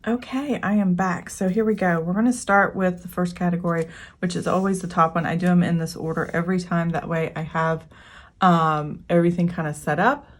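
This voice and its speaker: A woman hosting her own budget planning channel, talking casually and rambling with frequent fillers. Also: on the low side. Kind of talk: casual chatty vlog walkthrough.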